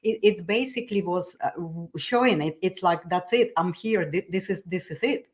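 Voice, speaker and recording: A woman hosting a casual interview, gently affirming her guest and reflecting back on spiritual ideas. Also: fairly low pitch, moderate pace. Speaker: host.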